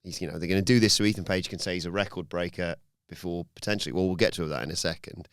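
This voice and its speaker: A man's voice: deep voice, very fast, clean tone, no echo, clean studio sound. A man hosting a podcast, recapping a wrestling show in casual chat and acting out the wrestlers' lines as he tells it. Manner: animated storytelling with acted-out quotes. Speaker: podcast host.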